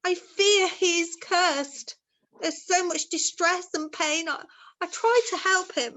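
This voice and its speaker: A woman's voice: very high voice, takes it slowly, fairly bright tone, exaggerated voice. A woman playing a ghostly young mother who speaks in archaic thee-and-thou language, earnest and pleading, in an amateur stage drama. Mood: troubled.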